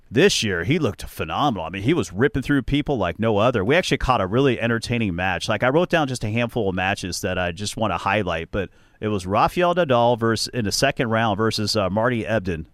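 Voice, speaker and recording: A man's voice: on the low side, no room sound. Chatty man recounting his trip, dry sound. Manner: chatty storyteller, animated, laughs often. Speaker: podcast host. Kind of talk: casual chat.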